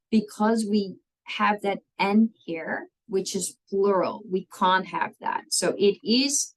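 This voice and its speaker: A woman's voice: medium pitch, low-quality recording. A woman, teaching a language lesson and patiently walking through spelling rules step by step, often checking in with "okay?".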